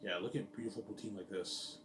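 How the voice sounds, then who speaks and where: A man's voice: fairly low pitch, steady tone, quick pace. Rambling man in an echoey room. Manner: repetitive, keeps saying "yeah, man" and "look at that". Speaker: vlogger describing his company plans. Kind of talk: casual rambling monologue. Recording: echoey room, distant mic, faint ambient noise.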